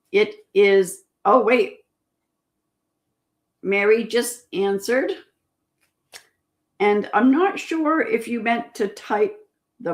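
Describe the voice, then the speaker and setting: A woman hosting a casual livestream trivia chat, patiently repeating each question and reading out viewers' answers. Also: mid-range voice. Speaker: livestream host.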